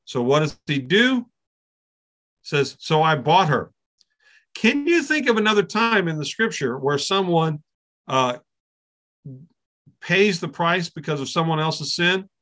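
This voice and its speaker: A middle-aged man leads a Bible class in a relaxed, conversational way, often checking in with his listeners. His voice is bright and forward and sits a little high for a man. He often repeats a word as he restarts a thought. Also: measured pace, long pauses. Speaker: Bible teacher.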